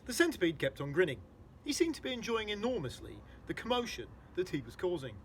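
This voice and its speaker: A man's voice: high voice, huge pitch swings, fast, slight background noise. A man reading a children's storybook aloud, explaining hard words for young listeners.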